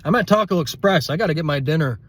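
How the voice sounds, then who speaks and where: A man's voice: fairly high pitch, expressive, fast. A male comedian rambling through a casual, self-deprecating podcast monologue from inside a car. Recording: slightly muffled car recording with road hum.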